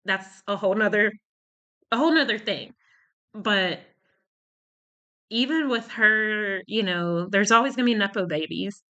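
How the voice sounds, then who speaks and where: A woman's voice: medium pitch, unhurried, long pauses, pushed and bright, lo-fi sound. A woman talking in a casual commentary vlog. She rambles and searches for words, and she is short of breath from a cold. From United States. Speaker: YouTuber.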